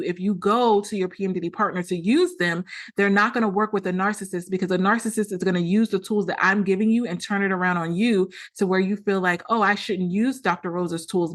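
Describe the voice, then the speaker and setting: A woman hosting a solo podcast, explaining earnestly and often acting out quoted dialogue. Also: medium pitch. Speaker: podcast host.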